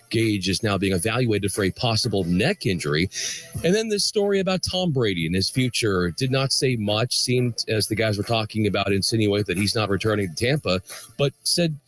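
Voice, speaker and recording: A man reading a sports news update on radio, brisk and newsy as he runs through scores. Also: lowish voice.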